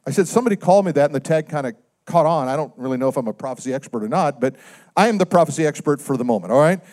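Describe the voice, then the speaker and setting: Lively preacher man with a higher voice. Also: racing. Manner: dynamic, swings from loud emphatic lines to low quiet asides; conversational, asks the congregation questions. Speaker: pastor. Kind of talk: sermon.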